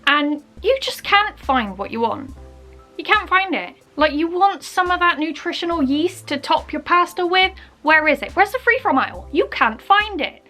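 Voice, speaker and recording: Bristolian girl vlogging, high voice, playful and chatty, faint music behind. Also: animated, normal speed, bright, forceful tone. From Bristol, England. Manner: playful, chatty, acts out little scenes. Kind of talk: comedic vlog.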